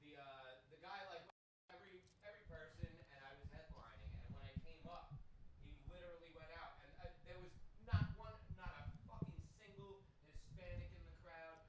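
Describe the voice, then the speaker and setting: Man, comedian, high-pitched, animated crude storytelling, far from mic, very echoey room, crowd behind. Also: very noisy. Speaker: guest comedian. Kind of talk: casual comedy chat.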